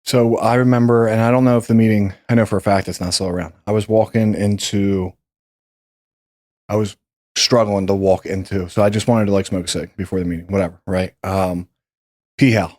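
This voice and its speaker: A man's voice: fairly low pitch, steady tone, a little fast, a little mellow, no echo. A man hosting a podcast, telling a story in a loose, rambling way and swearing freely. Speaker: podcast host. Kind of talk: casual storytelling chat.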